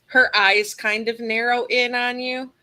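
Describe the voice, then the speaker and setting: Bright-voiced woman game master. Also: fairly high pitch, flat delivery, a little slow, low-quality recording. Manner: easygoing, encouraging. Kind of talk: narrating a tabletop game.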